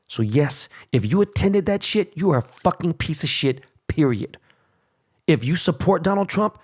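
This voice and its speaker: A male podcast host on a heated solo rant, blunt and full of profanity. His pitch sits in the middle range for a man comes through. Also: darkish tone.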